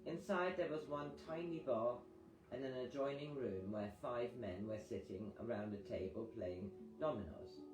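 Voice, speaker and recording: A man reading a first-person memoir aloud in a measured storytelling manner. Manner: measured storytelling, animated pitch on dialogue. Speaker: audiobook reader. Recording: echoey reading over guitar music.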